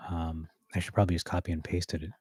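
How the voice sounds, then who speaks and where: A man rehearsing a sermon, reading scripture aloud and pausing with fillers and self-corrections. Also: sits low, flat delivery, a little mellow, breathy edge, no room sound. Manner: reads verses aloud, with hesitant fillers and self-corrections between. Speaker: preacher.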